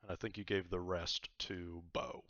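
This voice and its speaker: A man narrating a tabletop game as game master, lively and peppered with "uh" and "he kinda". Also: low voice, normal speed, no echo, lo-fi sound. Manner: lively, with frequent "uh" and "he kinda" between actions.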